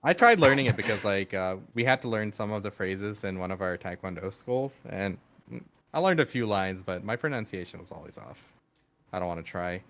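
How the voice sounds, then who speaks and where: A man with a fairly low voice co-hosts a casual podcast, speaking frankly and at ease. He often opens with "I mean" and laughs readily between points. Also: fairly quick. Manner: relaxed, frank, laughs easily, leans on "I mean". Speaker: podcast co-host. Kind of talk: casual gaming podcast chat.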